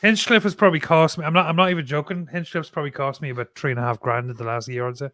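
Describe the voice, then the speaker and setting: A man's voice: on the high side, steady tone, rapid-fire, a bit bright. A man standing in as host of a live chat show over a video call. He heckles and jokes with the guests in loose, sweary banter. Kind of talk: casual banter.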